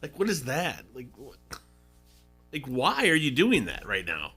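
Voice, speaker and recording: A man's voice: medium pitch, huge pitch swings, unhurried, pushed and bright, husky. A middle-aged man hosting a sports talk radio show, in casual, rambling and indignant banter.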